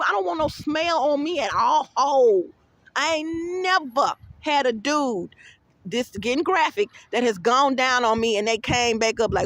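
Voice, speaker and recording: A woman's voice: high voice, slight background noise. Blunt, profane woman vlogging. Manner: blunt, profane, animated storytelling. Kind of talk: rambling casual vlog monologue.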